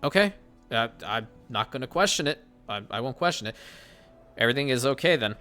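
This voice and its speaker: A man's voice: mid-range voice, animated, brisk, sharp tone, faint music behind. A man hosting casual gameplay commentary, chatting and thinking aloud as he plays, often correcting himself mid-sentence. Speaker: gaming channel host.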